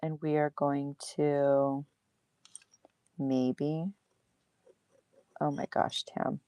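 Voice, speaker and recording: A woman's voice: low-pitched, level tone, drawn-out words, clean tone, dry recording, muffled recording. A woman hosting a casual livestream craft demo at her table, chatty and laughing at herself.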